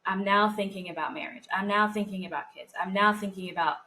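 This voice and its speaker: A woman's voice: mid-range voice, steady tone, a little fast, pushed and bright, low-quality recording. A woman co-hosting a podcast, speaking in a heartfelt, reflective way and touching on her faith. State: close to tears. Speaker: podcast co-host. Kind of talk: casual podcast conversation.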